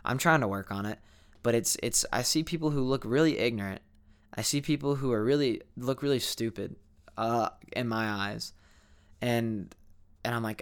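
A man's voice: on the low side, steady tone, moderate pace, clean tone. A young man talking candidly to camera in a rambling, reflective vlog monologue, full of fillers and restarts. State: sleepy, yawning. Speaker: vlogger.

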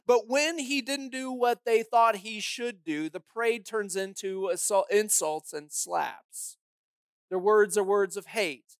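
A woman's voice: medium pitch, no room sound. A woman pastor preaching a sermon, telling the story dramatically and emphatically with pointed rhetorical questions.

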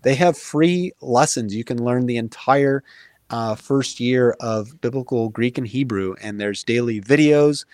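An earnest man talks things through in a relaxed interview, pausing on fillers and restarting his sentences as he thinks. His voice sits in a middle range and sounds dry and close, with little room around it. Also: medium pitch, dry recording. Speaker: guest. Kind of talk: casual conversational explaining.

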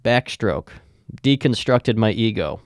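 A young man hosting a podcast who tells rambling, swear-laden stories in a flat, deadpan way. His voice is smooth and resonant. The sound is dry and close to the mic. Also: on the low side, slow, no echo. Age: young adult. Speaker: podcast host. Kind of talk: casual storytelling.

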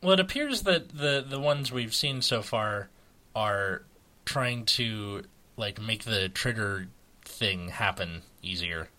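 An American man with a lowish, bright and forceful voice chats casually as a co-host. He rambles along, stopping and restarting his sentences and leaning on fillers. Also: animated, slow. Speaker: podcast co-host. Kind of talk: casual chat about a card game.

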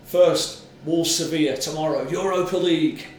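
A man's voice: a little high, fairly even intonation, moderate pace, a little hiss or hum. Jokey man in a very echoey room. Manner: jokey, teasing, swears casually. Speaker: podcast co-host. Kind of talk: casual banter about football picks.

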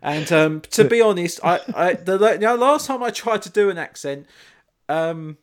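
Guy, high and animated, rambling anecdotal podcast chatter with frequent laughs. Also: normal speed. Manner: rambling storyteller, laughs often. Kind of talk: casual chat.

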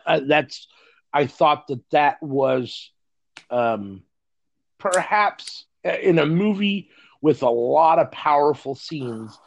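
Gravelly-voiced man, hesitant, lo-fi audio. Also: medium pitch. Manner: hesitant, many fillers, reflective. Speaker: podcast co-host. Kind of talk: casual chat.

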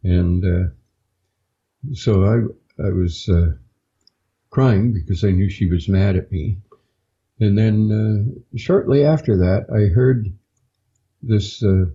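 A man, a podcast guest, recounting a personal experience in a halting, unhurried way with frequent pauses, on a dull lo-fi recording. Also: low-pitched, mellow. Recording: dull lo-fi sound.

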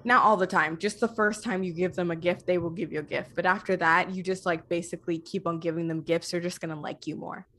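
A woman guest on a podcast, talking casually about a video game in a gushing, animated way with many fillers. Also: on the low side, brisk, hardly any pauses.

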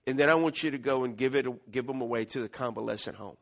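A man acting out a calm, patient older pastor giving quiet, measured advice. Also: mid-range voice, gravelly, voice pushed down, close to an everyday voice.

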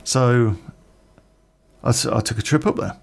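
A man's voice: mid-range voice, unhurried, creaky. A middle-aged man telling a personal story in a casual, rambling way, swearing freely.

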